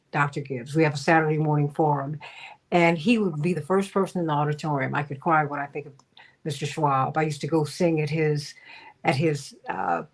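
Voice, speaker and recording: Woman hosting a radio panel, storytelling. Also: low-pitched. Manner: warm storytelling, emphatic and rambling. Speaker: radio talk show host. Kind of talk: conversational panel radio talk.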